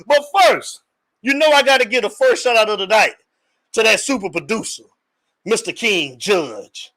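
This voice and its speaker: High, bright-voiced hype-man host. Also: moderate pace, rough recording. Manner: energetic hype man, calls out viewers, slangy. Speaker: host of a live sports call-in show. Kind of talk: hyped casual live-stream talk.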